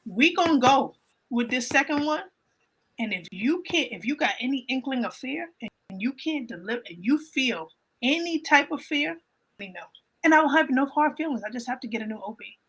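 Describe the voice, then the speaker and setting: A woman telling an emotional personal faith story in a casual panel chat, animated and often repeating her phrases. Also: sits high, normal speed, husky, low-quality recording. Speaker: guest on a livestream panel.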